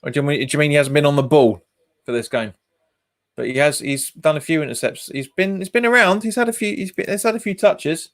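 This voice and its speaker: A man's voice: on the high side, fairly quick. A man, hosting a football watch-along stream, chatting casually, laughing often and reading out viewer comments. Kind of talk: casual live commentary and chat.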